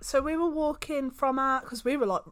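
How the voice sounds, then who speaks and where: A woman's voice: high voice, moderate pace, no room sound, studio quality. A young woman from the UK, chatting casually and laughing often as she tells a story. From United Kingdom. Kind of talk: casual chat.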